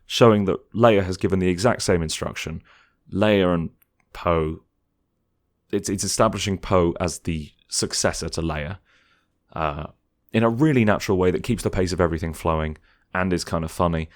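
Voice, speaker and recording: A man's voice: low voice, moderate pace. A man chatting casually through a film commentary, sometimes mocking critics in put-on voices.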